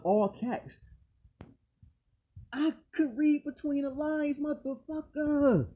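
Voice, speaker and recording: A man's voice: very high-pitched, slow, phone-quality sound. A man in an aggrieved, profane monologue to the camera, repeating his points as he rants. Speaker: vlogger.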